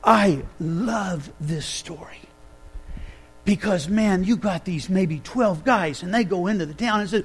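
A male preacher delivering a sermon, telling the story with lively energy and asking his listeners questions. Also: sits high, a little slow, husky. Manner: animated storytelling, asks the audience questions.

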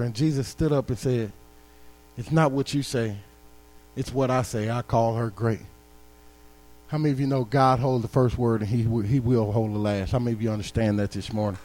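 A man of medium pitch and a slightly mellow voice preaches a sermon as a guest in a church sanctuary, building up to emphatic calls to those gathered in the congregation.

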